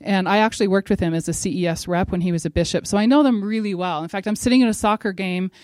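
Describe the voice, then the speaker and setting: Animated woman giving a devotional talk. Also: medium pitch, fast talker, dry recording, studio quality. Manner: animated storyteller who acts out quotes and speaks directly to her listeners. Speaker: devotional speaker. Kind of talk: religious devotional talk with personal story.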